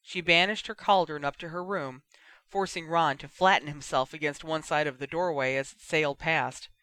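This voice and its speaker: A man narrating a fan fiction audiobook in a steady, expressive storytelling manner. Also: a little high, normal speed, dry recording. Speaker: reader.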